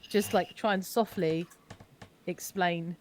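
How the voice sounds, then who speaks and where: A woman's voice: on the low side, steady tone, takes it slowly, darkish tone, slight background noise. Giggly, hesitant woman player. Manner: giggly, hesitant, full of fillers. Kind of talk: casual tabletop game chat.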